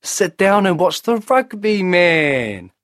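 For a storybook, a man performs a full character voice as a lazy, dismissive young brother, pitched above his natural voice. The delivery is high and slow with big pitch swings and a slightly bright tone, in clean studio sound with no room noise.

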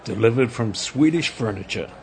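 A man playing a weary insomniac who answers hesitantly and quietly in a radio scene reading. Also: medium pitch, expressive, moderate pace, slight background noise, close to an everyday voice. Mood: subdued. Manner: hesitant, subdued.

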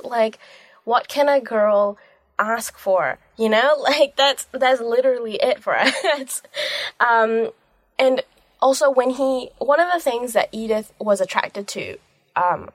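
Young woman, casual film vlog, gushing, rambling, fillers, mid pitch, dry close sound. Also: dry recording. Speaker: film reviewer.

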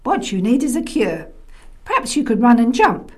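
A woman's voice: fairly high pitch, very animated, moderate pace, a little mellow, husky, voice pushed up. A woman voicing a bold, cheerful young female pirate in a children's story, talking in a brash, commanding way. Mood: bossy.

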